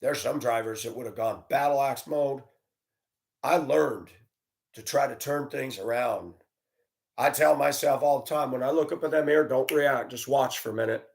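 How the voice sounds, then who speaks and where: A man telling stories about his years as a school bus driver, blunt and animated, acting out the voices he quotes. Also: fairly high pitch. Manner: blunt, plain-spoken. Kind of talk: storytelling monologue.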